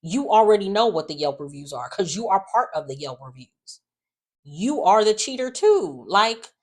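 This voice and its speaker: A young woman giving a chatty, slang-filled recap of soap opera episodes, trading in strong opinions. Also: sits low.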